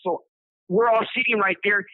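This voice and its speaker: A man's voice: high voice, fairly even intonation, moderate pace, no echo. A man from Southern California telling his own story in a rambling, casual way, repeating words and acting out what people said. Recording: dry tinny phone line.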